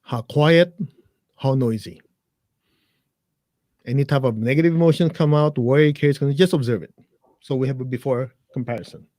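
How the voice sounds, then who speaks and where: As a guest in a live interview, a man explains meditation in blunt, plain words with jokes, addressing listeners directly before leading a chant. His warm, medium-pitched voice moves at a moderate pace with long pauses, recorded dry at studio quality.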